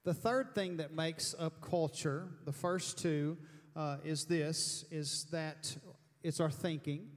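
A man from Alabama preaching a sermon with emphatic, animated delivery, sometimes mimicking loud slow speech. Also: fairly high pitch. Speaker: pastor. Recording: reverberant church hall.

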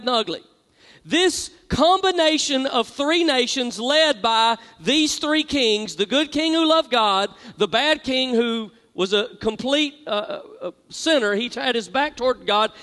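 A man's voice: very high voice, sharp tone. A man preaching a sermon, reading scripture aloud and drawing call-and-response from his congregation. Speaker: pastor. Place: large church hall. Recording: long hall reverb.

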